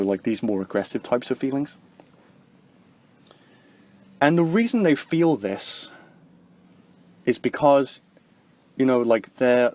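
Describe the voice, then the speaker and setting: A young man vlogging in a casual, rambling way, with constant filler words and frequent swearing. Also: on the low side. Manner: rambling, heavy filler words, profane, animated quoting.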